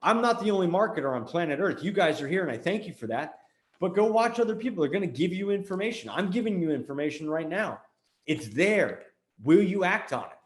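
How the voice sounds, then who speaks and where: An American man hosts a show, delivering a blunt, emphatic motivational talk about business and repeating points for emphasis. His high voice is animated and fairly quick, recorded in an echoey room.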